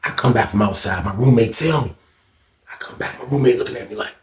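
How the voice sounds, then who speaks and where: A man hosting his channel, telling a storytime tale in an animated, profane street style. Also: fairly low pitch, fast, slight background noise. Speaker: channel host. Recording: echoey room.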